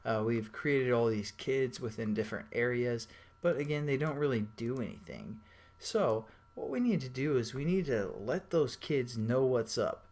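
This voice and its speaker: Young man, programming tutorial, casual and chatty, slangy rambling analogies, medium pitch. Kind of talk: casual screen-recorded coding tutorial.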